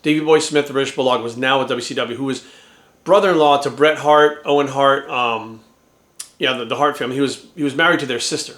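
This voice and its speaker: A man's voice: mid-range voice, brisk. A middle-aged man telling a long rambling story in casual chat, acting out quoted lines and swearing freely. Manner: rambling, animated, acts out quoted voices, swears. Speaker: vlogger. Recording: roomy echo.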